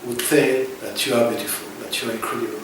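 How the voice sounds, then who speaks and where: A man from France with a French accent, answering interview questions in halting, emphatic phrases that repeat words for stress. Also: mid-range voice, steady tone, a bit bright, very echoey, far from the mic, a little hiss or hum, rough recording. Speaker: interview guest.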